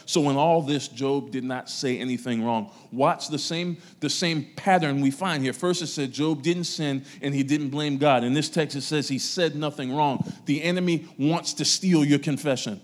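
Male pastor preaching to his congregation, somewhat high voice, loud emphasis then quiet asides. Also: steady tone, moderate pace, few pauses. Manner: preaching with strong rises and drops in loudness. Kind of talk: sermon.

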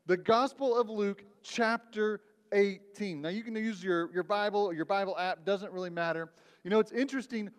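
A man's voice: high voice, big-room sound. A man preaching a conversational sermon as pastor, often checking in with the congregation. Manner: conversational, asks "right?" often. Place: church sanctuary.

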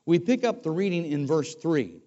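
An older man delivers a conversational sermon with a somewhat high voice, often repeating words as he restarts. The recording is dull and lo-fi. His voice carries the long reverb of a church hall. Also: lively intonation, moderate pace, dark tone. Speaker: former pastor, guest preacher. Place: church sanctuary.

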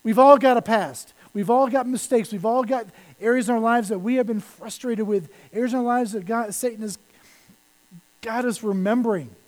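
A male pastor preaching a sermon, animated, with lines that fall to a hush. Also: very high voice, normal speed, poor audio. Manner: animated preaching that drops to soft, hushed lines.

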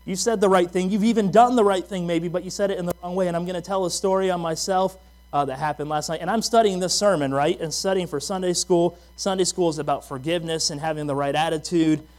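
Speaking fast in a high, steady, slightly mellow voice, a man preaches as a pastor. He keeps it conversational, telling stories about himself and asking his listeners rhetorical questions.

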